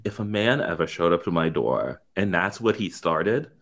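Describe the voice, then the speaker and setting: A man co-hosting a podcast in casual chat, talking in an animated, emphatic way with plenty of swearing. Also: deep voice, moderate pace. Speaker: podcast co-host.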